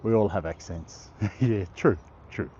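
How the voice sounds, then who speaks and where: A man's voice: on the low side, unhurried, mellow, muffled recording, slight background noise. A middle-aged Australian man hosting a casual live stream outdoors, reading viewer comments aloud and laughing often. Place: outdoor park.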